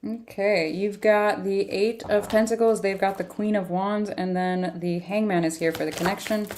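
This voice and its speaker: A woman's voice: mid-range voice, steady tone, normal speed, a little mellow, a little hiss or hum. A tired woman giving a casual livestream tarot reading, chatting in a rambling way and laughing often. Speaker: tarot reader.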